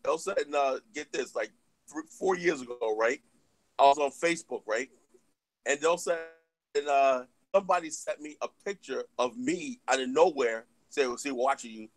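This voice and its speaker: A man's voice: mid-range voice, normal speed, no room sound. A man hosting a heated live discussion, talking fiercely and repeating "you know what I'm saying" over and over. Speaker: host.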